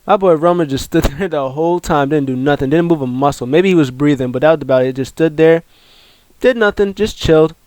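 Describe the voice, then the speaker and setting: A man hosting a casual wrestling recap, excitable and rambling, with lots of fillers and restarts. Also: on the high side, a little fast, a little hiss or hum. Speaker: wrestling show recap host. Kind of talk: casual video commentary.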